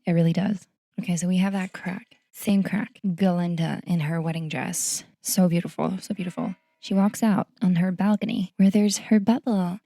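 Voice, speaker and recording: A woman's voice: fairly low pitch, fairly even intonation, moderate pace, mellow, no room sound. A woman hosting a podcast, reacting to a movie trailer in a gushing, effusive, exclaiming way. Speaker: podcast host. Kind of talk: casual trailer reaction commentary.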